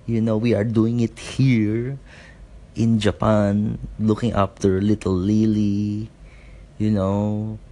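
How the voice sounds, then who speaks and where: Man doing a lazy islander, Filipino accent, low gravelly drawl. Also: takes it slowly. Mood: laid-back. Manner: drawling, relaxed, lots of fillers. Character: laid-back island man who sees no need to work.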